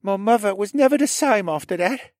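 A man playing a troubled young man, high strained voice, emotional confession, dry sound. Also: lively intonation, fairly quick, a little mellow, dry recording. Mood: pained, confessional. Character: troubled young man recounting painful childhood. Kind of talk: audiobook character voice.

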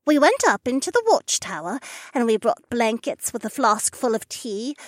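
A man voicing a soft-spoken, earnest young dragon-blooded woman in an audiobook. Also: very high voice, sing-song, moderate pace, no echo, clean studio sound, pitched above the performer's own voice, full character voice. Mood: eager. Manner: earnest and eager. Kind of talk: audiobook character voice.

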